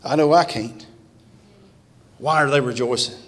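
A man's voice: medium pitch, measured pace. A man preaching a revival sermon in a church, fervent and emphatic. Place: church sanctuary. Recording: long church-hall reverb.

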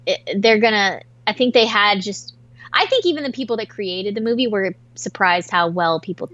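A woman's voice: medium pitch, expressive, moderate pace, a bit bright, dry recording, dull audio. A woman in her thirties co-hosting a podcast, chatting casually and rambling a little, with the odd swear word. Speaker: podcast co-host. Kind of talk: casual chat.

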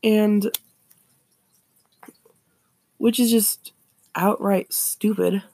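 A woman's voice: medium pitch, fairly even intonation, extremely slow, dark tone, slightly rough, dry recording. A woman hosting a podcast alone, talking casually and rambling, often repeating and restarting her phrases. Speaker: podcast host. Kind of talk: casual solo commentary.

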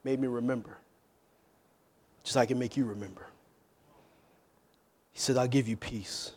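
A male pastor preaching a sermon, calling out to the congregation and swinging from hushed, low asides to loud, shouted passages. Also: steady tone, normal speed.

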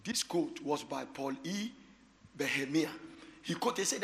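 A man preaching a sermon, moving from hushed storytelling to shouted exhortation and laughing often. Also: fairly high pitch, lively intonation, a little slow, vocal fry, in a large hall. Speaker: pastor.

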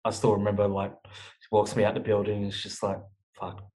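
A man's voice: on the low side, monotone, fast, mellow, rough recording. A young man talking frankly as an interview guest, swearing often and restarting his sentences. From Australia. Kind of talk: candid interview talk.

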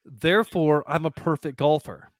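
A man's voice: a little high, moderate pace, no room sound, studio quality. A man co-hosting a podcast, chatty and jokey in casual talk. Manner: chatty, hesitant with restarts, jokey. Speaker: podcast co-host. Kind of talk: casual chat.

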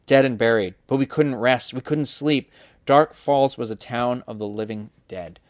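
A weary ghostly older man, a real estate agent who tells his tale with quiet sorrow, as a reader voices him from a storybook. His voice sits at a middling pitch. The sound is dry and close. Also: normal speed, dry recording, close to an everyday voice. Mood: sorrowful.

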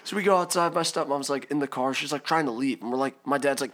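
A young man, an interview guest, telling a personal story in casual chat, animated and laughing as he acts out the voices of the people in it. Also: mid-range voice, quick pace. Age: young adult.

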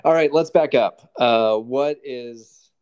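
A man's voice: mid-range voice, slow pace, darkish tone, clean tone. A man co-hosting a podcast in casual chat, wry and teasing, often laughing. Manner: wry, sarcastic, laughs easily. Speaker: podcast co-host.

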